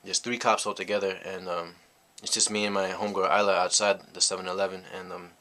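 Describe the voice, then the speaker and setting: A man's voice: low-pitched, little pitch movement, fast talker, sharp tone. A young man from the United States tells a personal story in a rambling, reflective way, full of "you know" fillers. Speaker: vlogger. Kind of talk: casual storytelling monologue.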